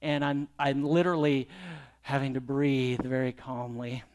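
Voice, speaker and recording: A man's voice: medium pitch, level tone, measured pace, a little mellow, clear, resonant tone. A middle-aged man preaching a sermon, telling a personal story and then pressing the congregation with pointed rhetorical questions. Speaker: pastor.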